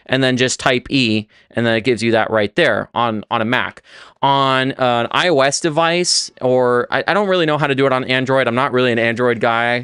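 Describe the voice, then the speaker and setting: A man's voice: medium pitch, fairly bright tone, smooth, no room sound, clean studio sound. A man who is a native English speaker, teaching Spanish on a casual livestream, rambling and often restarting his sentences. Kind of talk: livestream lesson.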